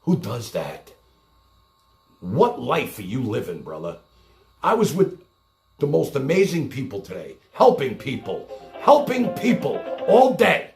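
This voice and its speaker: A man's voice: medium pitch, very animated, measured pace, gravelly, long pauses, a little mellow, faint music behind. A man hosting his own livestream show, ranting at a caller, swearing and repeating the same accusations. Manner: berating, swearing, hammering the same words over and over. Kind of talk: heated rant at a caller.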